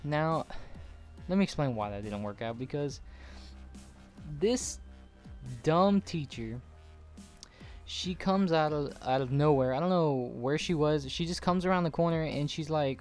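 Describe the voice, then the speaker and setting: A man's voice: on the high side, lively intonation, measured pace, long pauses, soft background music. Rambling, profane young man telling a story. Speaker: gaming channel host. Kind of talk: casual storytelling over gameplay.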